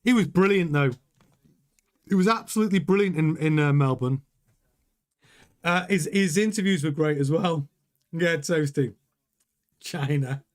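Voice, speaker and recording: A man hosts a live watchalong, reading viewer chat aloud and giving casual, rambling commentary that often breaks off and restarts mid-sentence. His voice is on the high side, he talks at a moderate pace, and he pauses often.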